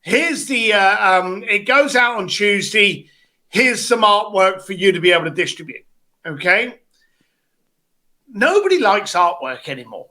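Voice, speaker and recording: Brief: high, bright-voiced male coach, blunt and animated, video call. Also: measured pace. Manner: blunt, animated, acts out quotes. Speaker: business coach.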